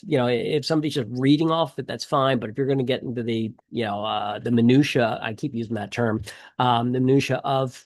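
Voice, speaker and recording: A man's voice: mid-range voice, dry recording. Chatty male instructor with a dry, close sound. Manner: conversational, many fillers and restarts. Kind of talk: exam review lecture.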